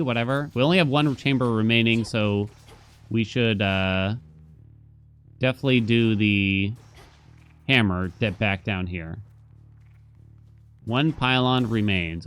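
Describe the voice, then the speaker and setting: Streamer, young adult male, mid-pitched, rambling play-by-play over faint game music. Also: clear, resonant tone. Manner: chatty, thinks aloud while playing. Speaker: gaming streamer. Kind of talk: casual gameplay commentary.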